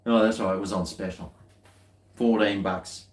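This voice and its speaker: A man's voice: lowish voice, steady tone, moderate pace, echoey room. An Australian man chatting casually while tasting beer, rambling along with dry, muttered asides.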